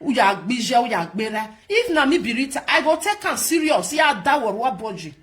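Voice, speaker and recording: A fairly high-pitched woman from Nigeria, speaking at a moderate pace with a Nigerian Pidgin accent, rants as a vlog host. She scolds animatedly, saying things over and over for emphasis.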